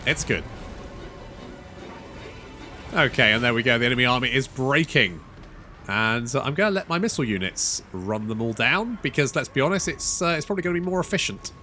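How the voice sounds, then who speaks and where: A man's voice: medium pitch, animated, fast, pushed and bright, a little hiss or hum. A man giving casual, wry commentary over a strategy game, swearing freely and chatting to his units. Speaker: gaming channel host.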